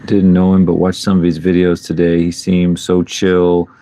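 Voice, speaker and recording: Middle-aged guy with a really low voice, playful and chuckly, reading chat on a casual podcast stream. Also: completely flat delivery, normal speed, warm tone, slight background noise. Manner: playful, chuckling, tries silly accents.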